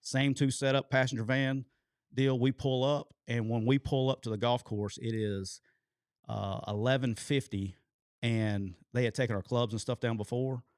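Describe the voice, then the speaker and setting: A man spins a long yarn at an even, middling pitch. His delivery is animated and loose, and he swears casually. The sound is dry and close, as if in a small studio. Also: normal speed, clean tone, no echo. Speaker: co-host telling a coaching story. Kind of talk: casual storytelling chat.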